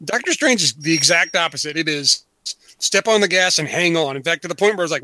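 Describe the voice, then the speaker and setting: A man's voice: fairly high pitch, expressive, brisk, pushed and bright, no echo. A man co-hosting a podcast, chatting casually and acting out quotes in mock voices. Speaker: podcast co-host. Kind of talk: casual chat.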